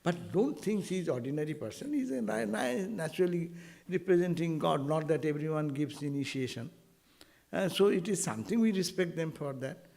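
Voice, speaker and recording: A man giving an informal spiritual talk to devotees, animated and full of rhetorical asides. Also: fairly high pitch, brisk, vocal fry. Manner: animated, rhetorical asides, quotes Sanskrit verses.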